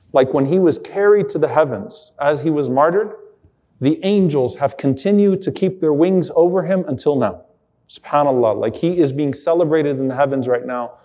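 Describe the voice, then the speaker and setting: A man's voice: fairly high pitch, warm tone. A man giving an Islamic lecture, retelling an emotional story earnestly and quoting Arabic passages. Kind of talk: sermon-style storytelling lecture.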